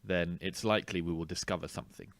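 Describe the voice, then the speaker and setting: Deep-voiced, halting man role-playing. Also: fairly even intonation, creaky, fairly bright tone, no echo. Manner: halting, formal, prone to laughing. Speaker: tabletop player. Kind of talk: in-character tabletop role-play.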